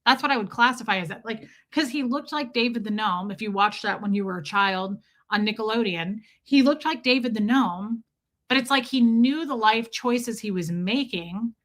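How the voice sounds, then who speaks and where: A woman's voice: fairly high pitch, moderate pace, a bit bright. A woman streamer telling a story as a comedic, profane rant. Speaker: live streamer.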